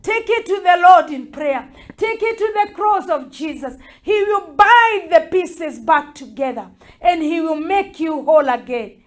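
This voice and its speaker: A woman's voice: very high voice, animated, measured pace. A woman bishop preaching a fervent prayer sermon, repeating her urgings. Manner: fervent, repetitive exhortation.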